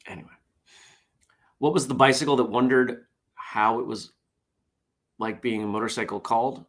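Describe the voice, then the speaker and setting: A man's voice: mid-range voice, normal speed. A tired man hosting a casual morning show, reading jokes aloud in a wry, self-deprecating way. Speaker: host.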